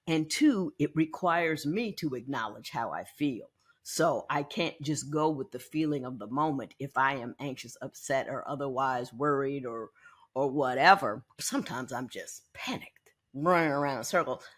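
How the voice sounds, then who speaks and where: A woman in her sixties hosting a podcast, telling a personal story in a candid, animated way and often repeating words as she thinks. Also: sits low, slightly rough. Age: 60s. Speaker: podcast host.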